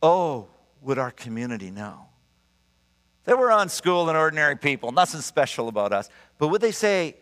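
An older male preacher in his sixties tells stories from the pulpit, his voice sitting a bit high and swinging widely up and down. His delivery is emphatic, and his words ring out with a long reverb around a large church hall. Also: moderate pace. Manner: animated, emphatic, storytelling with laughs. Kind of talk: sermon with personal storytelling.

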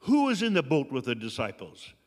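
A man preaching a sermon, earnest and slow, with dramatic pauses. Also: mid-range voice, wildly swooping pitch, in a large hall. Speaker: pastor.

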